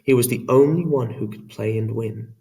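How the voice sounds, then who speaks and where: A man reading an audiobook in a measured, dramatic storytelling manner. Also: medium pitch, dark tone, recorded from a distance. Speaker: audiobook narrator. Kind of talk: scripted narration.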